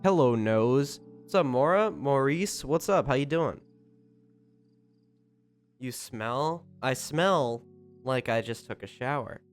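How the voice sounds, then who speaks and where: A young man chats loosely with his live-stream viewers. He runs through greetings, then jumps up louder to thank a supporter. Faint music plays under his mid-pitched voice. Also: takes it slowly, pauses often. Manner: greets chat members by name, bursts of loud excited thanks. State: recovering from a cold. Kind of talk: casual live-stream chat.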